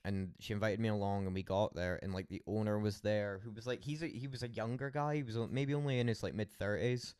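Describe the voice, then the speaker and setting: Sweary young Scottish man, low-voiced. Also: steady tone, fast talker, few pauses, darkish tone, smooth, no room sound, studio quality. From Scotland. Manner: rambling, swearing storyteller with frequent laughs. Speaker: streamer. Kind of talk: casual late-night stream chat.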